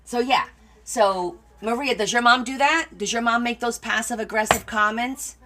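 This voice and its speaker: A woman's voice: on the high side, steady tone, moderate pace, noisy background. A middle-aged woman hosting a crafting livestream, chatting casually with viewers and answering their comments as she tells stories. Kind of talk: casual chat with live viewers.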